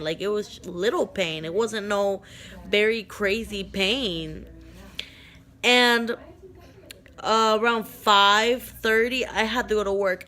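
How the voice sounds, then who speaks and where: A woman's voice: medium pitch, fairly bright tone. A young woman vlogger telling a personal story in a rambling, chatty way, acting out what people said. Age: young adult. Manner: rambling, chatty, full of "like" and acted-out quotes. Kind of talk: casual storytelling.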